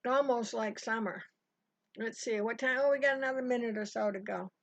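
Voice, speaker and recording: A woman's voice: fairly high pitch, a little fast, no echo. Chatty older woman teaching sewing. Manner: chatty, rambling, talks to viewers by name. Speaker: sewing teacher hosting a live stitch-along. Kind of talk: casual live tutorial chat. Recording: dry, dull lo-fi stream audio.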